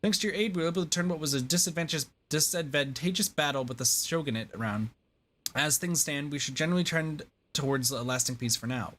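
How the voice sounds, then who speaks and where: A man's voice: a little high, fast talker, fairly bright tone, slight background noise, natural voice. A man reading aloud the lines of an earnest young male resistance general in a game, with formal, courteous phrasing.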